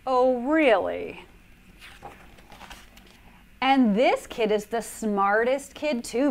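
Slow-paced playful woman reading aloud. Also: on the high side. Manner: playful, hams up silly words with gasps and mock dismay. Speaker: child life specialist. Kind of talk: reading a children's book aloud.

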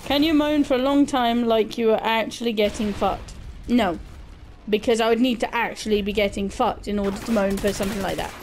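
Young woman, gaming streamer, higher voice, crude jokes, giggly, faint noise underneath. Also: steady tone, a little fast, darkish tone. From Britain. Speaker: gaming livestreamer. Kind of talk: casual chat answering viewer questions.

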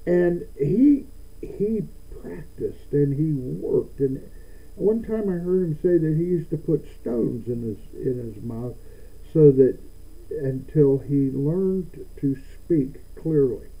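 Stammering pastor preaching, tinny sound. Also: male voice, a little high, animated, takes it slowly, vocal fry, slightly rough. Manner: stammers and repeats words, rising to emphatic declarations. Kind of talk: sermon.

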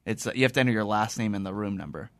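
A man hosting a podcast, spinning a casual anecdote with animated energy and quick laughs. He acts out both sides of his phone calls as he goes. The room sounds dry, with no echo. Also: on the low side, gravelly. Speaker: podcast host. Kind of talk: casual storytelling chat.

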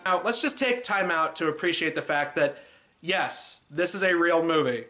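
A man reviews a movie in a loose, sarcastic, comedic way. He keeps dropping in "uh" and "like" as he talks. His voice sits a bit higher than most men's. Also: normal speed, pushed and bright, faint music behind. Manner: sarcastic, loose, many fillers like "uh" and "like". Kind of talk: casual comedic review commentary.

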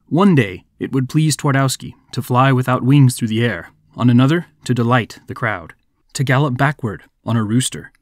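Male podcast narrator, mid-pitch, dry booth sound, measured folk-tale reading. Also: dry recording. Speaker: podcast host.

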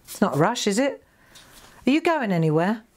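A woman demonstrating a craft technique live, chatting and joking with her viewers as she goes. Her voice swings up and down freely, with a middle pitch for a woman. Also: big pitch swings, normal speed, slight background noise. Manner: chatty, jokey, talks straight to viewers. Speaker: craft shop host demonstrating stamping.

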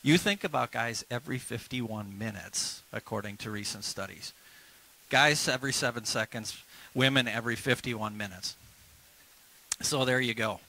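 Bright, energetic male pastor preaching. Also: mid-range voice, normal speed, a little hiss or hum, poor audio. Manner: energetic, calls the congregation to repeat phrases. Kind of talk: sermon. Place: church service.

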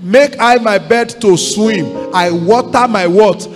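High-voiced Nigerian pastor exhorting his church. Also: slow pace. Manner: exhorting, repetitive call-and-response with congregation. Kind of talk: sermon. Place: large church hall. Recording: long church hall reverb, faint music.

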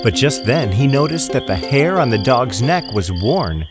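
A man narrates a children's fable with a gentle, expressive reading. His pitch rises and falls freely. Loud background music plays under his voice the whole time. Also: a little slow. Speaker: storyteller.

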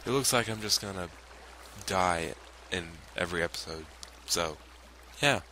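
A man's voice: low-pitched, a little slow, bright, forceful tone, slight background noise. A man hosting a let's play at home at night, muttering to himself, dropping to whispers and bursting into frustrated cries. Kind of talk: gaming commentary.

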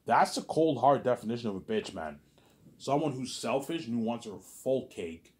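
A man's voice: medium pitch, lively intonation, normal speed, a little mellow. A man delivering a rambling, repetitive personal monologue, agitated and full of profanity. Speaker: vlogger.

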